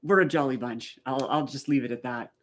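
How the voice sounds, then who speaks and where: A man's voice: medium pitch, fairly quick, a bit bright. A man from rural eastern Canada hosting a live stream in casual chat, telling stories and answering viewer comments. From rural east coast of Canada.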